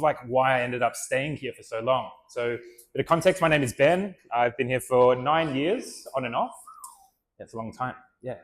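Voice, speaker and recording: A man tells stories to a room in a loose, chatty way, full of "like" and "you know". His pitch sits in a mid range. He sounds easy-going and conversational rather than polished. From Australia. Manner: relaxed, chatty, with many fillers. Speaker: speaker and vlogger. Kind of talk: storytelling talk to an audience.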